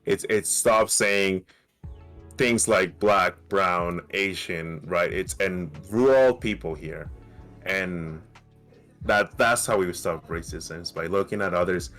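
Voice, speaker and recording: Emphatic low-voiced man on a podcast. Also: slow pace, soft background music. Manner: animated, emphatic, swears freely. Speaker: podcast co-host. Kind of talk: casual podcast debate.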